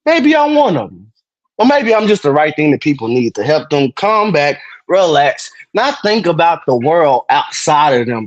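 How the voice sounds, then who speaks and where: A man's voice: fairly high pitch, no room sound. A man hosting a livestream, rambling through crude, joking, teasing chat. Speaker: livestream host.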